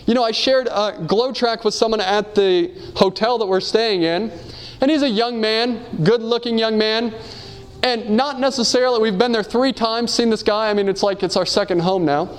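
A man's voice: sits high, moderate pace, clear, resonant tone. A man preaching a sermon, earnestly asking his audience rhetorical questions and telling personal stories. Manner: reads quotations aloud and tells personal stories.

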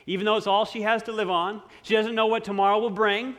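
A man preaching a sermon, slow and emphatic, dropping to near-quiet on key words. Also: high voice, fairly even intonation. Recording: long hall reverb.

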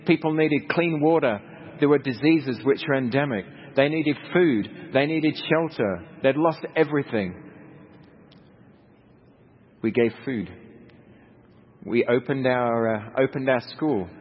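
An Australian missionary speaker tells stories to a congregation in a hall, conversational and anecdotal with humorous asides. His voice is mid-range and husky, at a measured pace with frequent pauses. The lo-fi recording is dull, with hall reverb and faint noise.

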